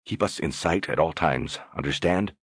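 A man's voice: rumbling low, normal speed, husky, no room sound, clean studio sound. A man voicing a stern young lord who lectures firmly. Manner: firm, lecturing.

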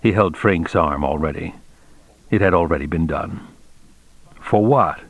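A man narrating an audiobook in a measured, expressive reading style. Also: deep voice, no room sound. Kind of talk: scripted narration.

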